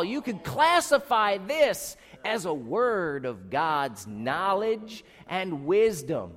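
A man's voice: high voice, very animated, takes it slowly, few pauses, fairly bright tone, long reverb tail. A man preaching a sermon in an emphatic, exclaiming way, often asking his listeners questions.

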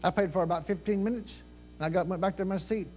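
A man preaching in a folksy manner, telling stories and acting out the dialogue, swinging between quiet murmurs and loud cries. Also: high-pitched, quick pace, faint music behind. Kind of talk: storytelling sermon.

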